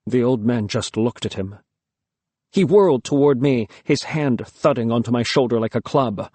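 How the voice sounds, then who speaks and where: Reading a first-person audiobook, a medium-pitched man tells the story in a measured yet expressive way. There's no echo in the sound.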